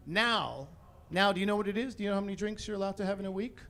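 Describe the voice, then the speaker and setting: A man in his forties performing a stand-up comedy set on a theatre stage, animated and exasperated, rising to shouts on his punchlines. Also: high voice, rapid-fire. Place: theatre stage before a live audience.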